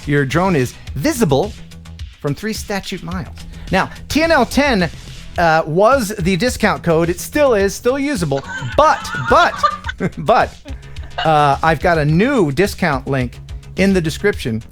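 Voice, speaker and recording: An animated, laughing man hosts a casual live stream, his pitch swinging up and down a lot. Music plays faintly behind him. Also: unhurried. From United States. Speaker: host.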